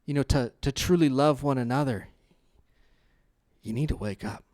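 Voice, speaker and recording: A young adult man pastor preaching a sermon in a conversational, storytelling way, laughing often and growing loud and animated in his stories. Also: medium pitch, moderate pace, dry recording, clean studio sound. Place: church.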